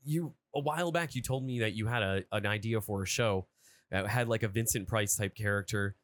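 A man with an Erie, Pennsylvania accent, co-hosting a casual chat and rambling through halting, restart-filled stories. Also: on the low side, no echo.

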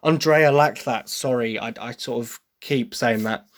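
An Englishman talks at length about a musical he loves. He rambles, restarts his sentences and keeps adding apologetic asides. His voice sits in a plain middle pitch. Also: unhurried, slight background noise. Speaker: podcast host reviewing a musical. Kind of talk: casual opinion monologue.

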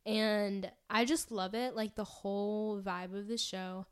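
A woman's voice: mid-range voice, steady tone, measured pace, smooth. A young woman co-hosting a podcast, chatting casually and bubbly, with lots of fillers and laughs. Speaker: podcast co-host. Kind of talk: casual chat.

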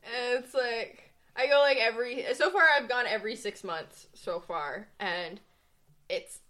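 A woman's voice: a little high, measured pace, fairly bright tone. A young woman co-hosting a podcast, telling a story in casual chat with lots of "like" and frequent laughter. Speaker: podcast co-host.

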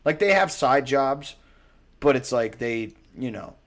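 A young man in casual chat, rambling and profane, telling animated stories. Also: mid-range voice, unhurried.

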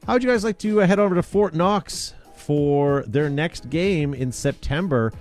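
A man's voice: fairly high pitch, lively intonation, moderate pace, a little mellow, soft background music. A man hosting a casual chat show, talking in an upbeat, rambling way with plenty of fillers. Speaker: podcast host.

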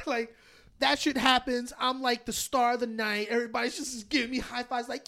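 A young man co-hosting a podcast, telling a story in casual chat, animated and swearing, often laughing. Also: very high voice, unhurried, creaky. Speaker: podcast co-host.

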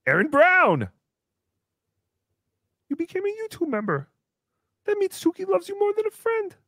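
A man's voice: very high voice, wildly swooping pitch, normal speed, sharp tone, no echo, clean studio sound, heavily acted. A man voicing a brash, boastful comic character who talks about himself in the third person while hosting a livestream. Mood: chatty. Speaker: show host character. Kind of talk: livestream comedy banter.

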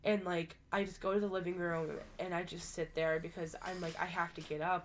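A woman's voice: lowish voice, level tone, fairly quick, hardly any pauses, slight background noise. A woman co-hosting a casual podcast, sick and short of breath, telling stories with lots of swearing and laughter. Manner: profane, laughing storyteller. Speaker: podcast co-host.

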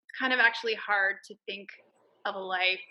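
A woman from Canada, a blogger guest on a podcast, answering in a relaxed, thoughtful way with pauses and fillers. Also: medium pitch, muffled recording. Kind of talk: casual interview answers.

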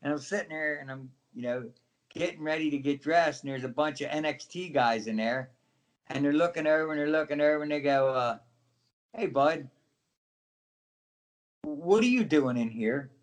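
A man's voice: on the high side, normal speed, long pauses. A middle-aged man, a former wrestler, telling stories in a casual interview and acting out other people's voices as he goes.

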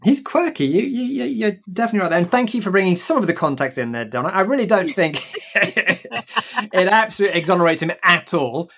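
A man's voice: high-pitched, animated, brisk, vocal fry, hardly any pauses, a bit bright. Chatty podcast host man. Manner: chatty, steering guests with questions. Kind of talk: casual panel chat.

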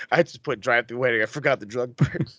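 A man asking wrestling trivia in a casual podcast chat, excitable and profane with rambling asides. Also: mid-range voice, fairly quick, no echo. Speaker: trivia quizmaster.

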